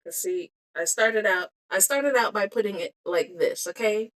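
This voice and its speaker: A medium-pitched, slightly bright woman talks at a moderate pace as she makes bead earrings for her live-stream audience. Recorded through a cellphone, she giggles, talks to herself, and leaves sentences hanging.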